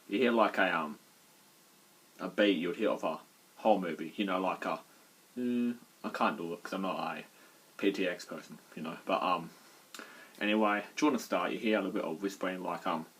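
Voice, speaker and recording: Low husky guy, crude and sarcastic, casual reviewer chatter. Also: brisk, fairly bright tone. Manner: crude, mocking, swears freely. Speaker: album reviewer. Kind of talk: casual chat.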